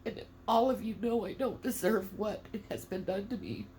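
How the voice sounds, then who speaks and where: A woman's voice: medium pitch, moderate pace, darkish tone, slight background noise. Tearful, defiant middle-aged woman. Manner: angry, defiant, swearing. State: tearful, emotional. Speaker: mother speaking out. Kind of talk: emotional monologue to camera.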